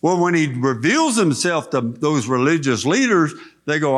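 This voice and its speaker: A man's voice: medium pitch, very animated, a little slow. A middle-aged man preaching a sermon in an auditorium, folksy and conversational, telling personal stories. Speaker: preacher and director of chaplaincy.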